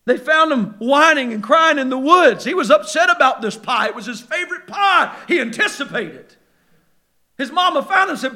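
A man preaching a sermon, moving between quiet, low passages and loud, shouted peaks, acting out voices as he tells stories. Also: lively intonation, normal speed. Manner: acts out quoted voices in storytelling.

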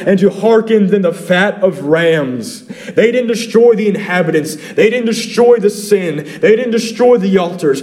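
A man's voice: sits high, darkish tone. A man preaching a sermon as pastor, reading scripture and pressing his congregation with repeated questions.

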